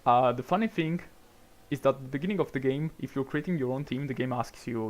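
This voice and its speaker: At a quick pace and medium pitch, a young Italian man with an Italian accent talks through his racing game stream in a casual, rambling way. He's chatty, with frequent restarts and little laughs.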